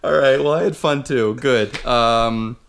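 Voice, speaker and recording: A male podcast host in loose, casual chat, joking and teasing as he goes. His voice sits at an ordinary middle pitch, and his talk is full of half-finished restarts. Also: unhurried, gravelly, fairly bright tone, a little hiss or hum.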